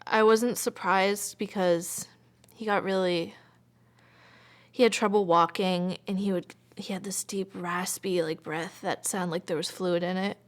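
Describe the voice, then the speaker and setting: A woman's voice: fairly low pitch, fairly even intonation, measured pace. A woman in her twenties telling a personal story in an interview, chatty and full of filler words, sometimes dropping almost to a whisper. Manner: chatty, frequent filler "like", drops to near whisper.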